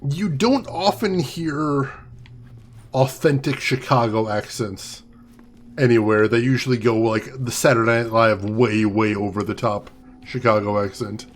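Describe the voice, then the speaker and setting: A man's voice: medium pitch, unhurried, a little hiss or hum. A man hosting a let's play, musing and chatting aloud while he plays. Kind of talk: casual gameplay commentary.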